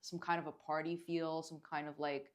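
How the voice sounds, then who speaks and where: A woman's voice: low voice, flat delivery, moderate pace. A woman guest, a dance event organizer, talking earnestly in a casual interview and using many filler words.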